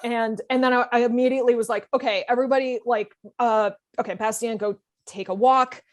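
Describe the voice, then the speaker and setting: A young woman on a podcast, telling a story in casual chat and acting out other people's lines in animated bursts. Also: on the high side, fairly quick. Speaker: podcast guest.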